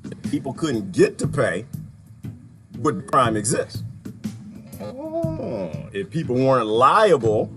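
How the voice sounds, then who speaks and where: Brief: mocking commentator, laughs constantly, lively rise and fall. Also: male voice, medium pitch, takes it slowly, pauses often, over music. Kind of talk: reaction commentary.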